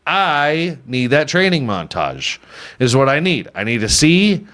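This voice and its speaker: A man's voice: on the high side, big pitch swings, unhurried, a bit bright. Irreverent joking male podcast host. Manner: irreverent, swears often, laughs at own jokes. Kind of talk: casual comedic news riffing.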